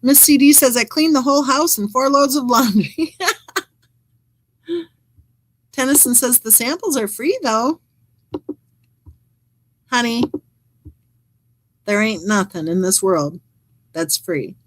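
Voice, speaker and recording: A woman's voice: fairly high pitch, slow pace, pauses often, no echo, poor audio. A woman hosting a true crime channel, reading live chat comments aloud and adding wry, chatty asides.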